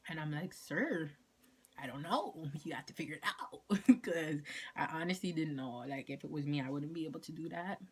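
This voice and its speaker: A woman's voice: sits low, a little fast, husky. A young woman telling a casual storytime vlog, acting out quoted lines with whispers and laughter. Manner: animated, acts out quotes, frequent laughs and whispers. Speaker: vlogger.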